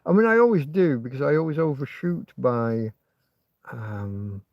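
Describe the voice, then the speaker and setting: A man's voice: mid-range voice, animated, measured pace, no room sound, lo-fi sound. A man hosting a casual livestream from inside a tent, rambling and swearing freely. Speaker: livestream host.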